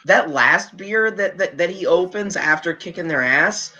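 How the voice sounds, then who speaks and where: A man's voice: high voice, measured pace, pushed and bright. A man co-hosting a casual wrestling podcast, rambling with stammered restarts and swearing. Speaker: podcast co-host. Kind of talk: casual chat.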